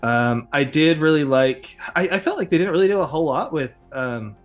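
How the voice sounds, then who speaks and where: A man's voice: fairly high pitch, animated, fairly quick, soft background music. Rambling male podcast host. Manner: rambling, filler-heavy, chuckling. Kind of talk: casual chat.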